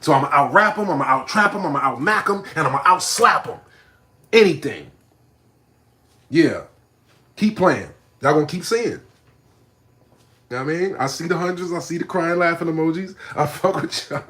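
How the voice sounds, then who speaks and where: A man ranting on a livestream, animated and profane, swinging between low mutters and shouting. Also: moderate pace, long pauses. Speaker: streamer. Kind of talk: livestream rant.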